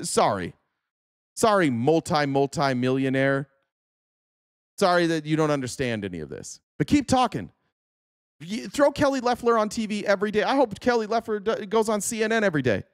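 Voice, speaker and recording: A man's voice: fairly high pitch, dry recording, studio quality. A man hosting a livestream, reacting to political clips with sarcastic, profane casual commentary.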